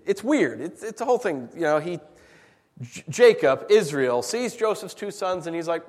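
Animated pastor preaching in a reverberant hall. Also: male voice, a little high, moderate pace. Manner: animated, acts out voices in anecdotes. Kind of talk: sermon.

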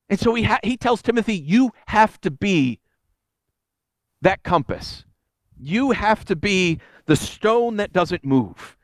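A man's voice: fairly high pitch, dry recording. A man giving a conversational sermon, telling stories and acting out the people he quotes. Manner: animated storytelling, voices quotes. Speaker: preacher.

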